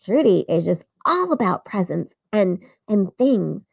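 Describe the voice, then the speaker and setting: A woman narrating a first-person Christmas story in an earnest, animated way. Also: mid-range voice, measured pace, gravelly, breathy edge. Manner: earnest, animated, with small laughs.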